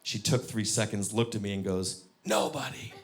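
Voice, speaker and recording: A man in his thirties doing a stand-up comedy set on stage, telling animated stories and breaking into high squeaky voices for his kids. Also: moderate pace. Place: comedy stage before a live audience.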